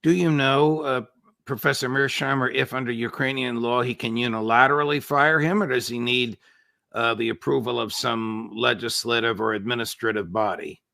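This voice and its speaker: Gravelly man, dry close interviewer. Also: medium pitch, steady tone, normal speed, pushed and bright, no echo. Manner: probing, hesitant phrasing with fillers. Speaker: interviewer, host. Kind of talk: interview questions.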